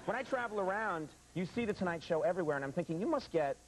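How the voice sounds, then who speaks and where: A man's voice: high voice, lively intonation, quick pace. A man hosting a talk show, bantering with a guest in joking, mock-pompous asides. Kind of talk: casual interview banter. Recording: noisy television studio audio.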